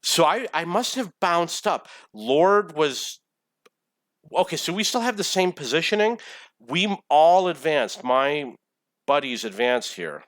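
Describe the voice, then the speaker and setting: A man's voice: on the high side, big pitch swings, takes it slowly, a bit bright, dry recording. A man in his forties giving casual, rambling commentary over his own gameplay replay, swearing often when irritated. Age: 40s. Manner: rambling, profane, easily irritated.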